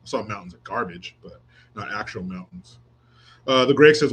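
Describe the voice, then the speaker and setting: A man's voice: medium pitch, normal speed, bright, forceful tone, slightly rough. Crude, sarcastic male commentary host. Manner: crude, sarcastic, mocking, profane. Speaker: host reading live chat. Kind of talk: political commentary livestream.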